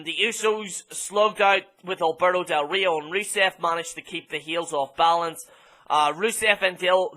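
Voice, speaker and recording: Irish guy ranting about wrestling, swears a ton, lots of ums, highish bright voice. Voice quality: blunt, sweary, filler-heavy with many ums. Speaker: wrestling show reviewer. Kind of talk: casual profane rant.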